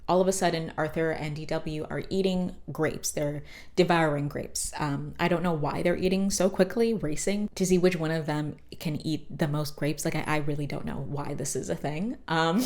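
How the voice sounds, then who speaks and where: A woman's voice: low voice, moderate pace. A woman hosting a podcast, recapping a cartoon episode in casual, profane, joking chat with lots of fillers. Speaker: podcast host.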